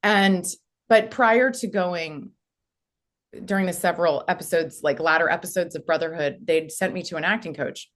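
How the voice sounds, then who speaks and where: Woman from the US, somewhat low voice, casual interview storytelling, rambling, many fillers. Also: normal speed. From United States. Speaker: actress, podcast guest.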